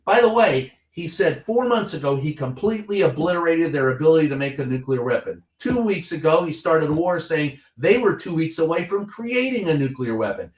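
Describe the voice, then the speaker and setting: In this impassioned political talk, a Kentucky man who has covered the White House for years speaks as a guest, blunt and heated, cursing liberally through his anecdotes. His fairly high voice is expressive and brisk, with hardly any pauses, and it echoes in the room.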